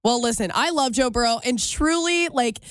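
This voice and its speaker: A young woman co-hosting a radio show with a slightly high voice. She talks in a playful, chatty way and gets animated easily. The sound is close and dry. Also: normal speed, no echo. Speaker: radio co-host. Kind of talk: casual radio show banter.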